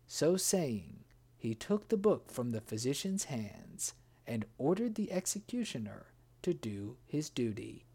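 A narrator reading a storybook in a slow, measured way. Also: medium pitch, sing-song, mellow, breathy edge.

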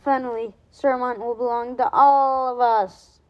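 A woman's voice: fairly high pitch, steady tone, measured pace, lo-fi sound, close to an everyday voice. A woman reading aloud and voicing a smug, taunting male crab monster in a storybook. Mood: boastful. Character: boastful sneering giant crab monster, male.

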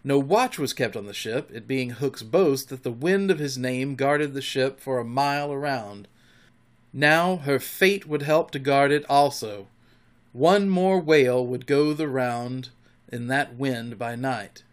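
A man reading a storybook aloud in an expressive, dramatic way. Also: mid-range voice, a little slow. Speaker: narrator.

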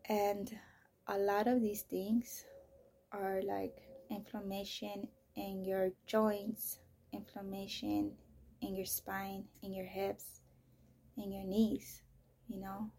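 Personal podcaster, female, mellow and breathy, hushed and blunt, swears freely. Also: mid-range voice, flat delivery, slow. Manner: soft-spoken, often near a whisper, blunt and profane. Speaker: podcaster telling her own story. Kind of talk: candid personal monologue.

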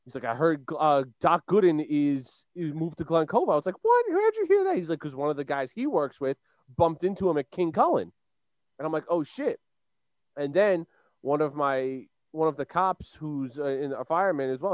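A man's voice: fairly high pitch, dry recording. A young man from Long Island, co-hosting a casual chat show and telling a rambling story full of fillers and restarts. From Long Island, New York. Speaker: podcast co-host.

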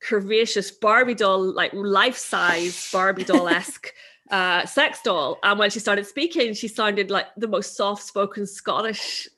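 A woman's voice: medium pitch, unhurried, bright, forceful tone. A woman author being interviewed, chatting casually and laughing often. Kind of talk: casual conversation.

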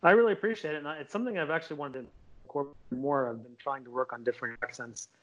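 A man's voice: mid-range voice, racing, fairly bright tone. A man, a comedian, talking casually and enthusiastically in an interview. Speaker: comedian guest. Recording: dull lo-fi sound.

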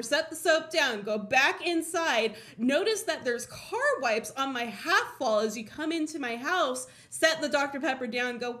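A high-pitched woman from Colorado tells a chaotic everyday story on her podcast in a loose, chatty way. Her tone is bright and forceful, and she laughs and swears often. She acts out her own thoughts, jumping up for the punchlines. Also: lively intonation, moderate pace. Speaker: podcast host. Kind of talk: casual storytelling.

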